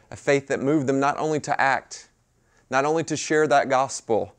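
Man preaching, hushed then bursting loud. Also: medium pitch. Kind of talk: sermon. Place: mission chapel with a live audience.

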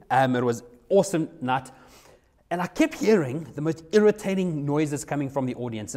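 Young man, youth pastor, sermon, chatty storytelling, mid-pitched voice. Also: a little mellow. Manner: conversational, repeats himself, acts out his own quoted lines.

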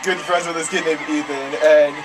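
A man's voice: on the high side, steady tone, normal speed. A man in casual chat while playing a racing game, teasing his friends sarcastically and swearing casually. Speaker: gamer co-host. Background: game music.

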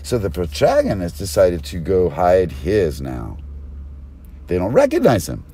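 A man's voice: low-pitched, wildly swooping pitch, a little slow, mellow, breathy edge. A man delivering an erratic, conspiratorial stream-of-consciousness monologue, recorded on a binaural mic. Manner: erratic, conspiratorial, jumps between topics. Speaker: self-styled press speaker.

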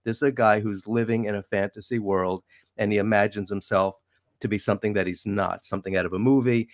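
A lower-voiced man talking as a guest analyst in a relaxed conversation. He speaks emphatically, and his pitch jumps up to stress his points. The sound is close and dry. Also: brisk, no echo. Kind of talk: casual chat.

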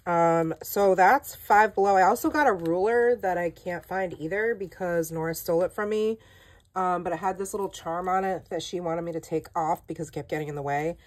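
Low-voiced chatty woman hosting a haul vlog. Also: fairly quick, dry recording. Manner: chatty and self-deprecating, with many "like"s and "um"s. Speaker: planner channel host.

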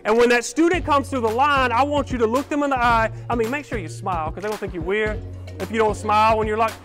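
A man giving a motivational keynote speech to a live audience, energetic and leading call-and-response chants. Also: very high-pitched, quick pace, soft background music. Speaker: keynote speaker. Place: conference hall with a live audience.

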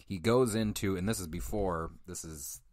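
A man's voice: low-pitched, moderate pace, a little mellow, no echo, studio quality. A man hosting a podcast, rambling through a casual film review with profane, self-deprecating asides and chuckles into a microphone. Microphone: studio microphone.

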